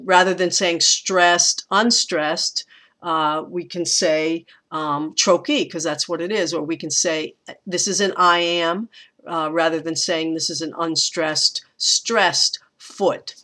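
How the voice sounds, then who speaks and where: A woman teaching college English in a recorded online lecture, explaining patiently and reading poem lines aloud slowly. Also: fairly low pitch, fairly even intonation, bright, forceful tone.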